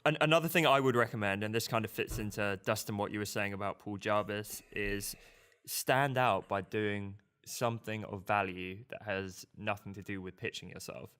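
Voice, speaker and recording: A man's voice: lowish voice, steady tone, moderate pace, a bit bright, clear, resonant tone. A man co-hosting a design podcast, talking casually with loose, rambling sentences and frequent restarts. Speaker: podcast co-host.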